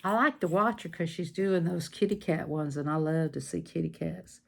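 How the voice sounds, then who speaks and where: Chatting over her diamond painting on a casual craft livestream, this hyper, giggly woman has a low-pitched voice with vocal fry, a steady tone and a moderate pace. She breaks into silly made-up songs and animal noises between giggles.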